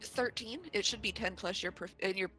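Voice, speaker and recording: A man narrating a tabletop game as game master, halting and laughing often. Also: sits high, pushed and bright.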